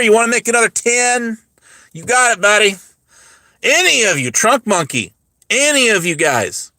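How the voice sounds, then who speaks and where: A lively, mocking man in his forties rants to his stream chat in a bright, forceful voice, slightly raised in pitch. He stumbles and restarts as he rambles, and his voice sounds a little dry. The sound is close and dry, with no room echo. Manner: sarcastic, mocking, talks straight to chat. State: voice getting dry. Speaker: livestream host. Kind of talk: casual livestream rant to chat.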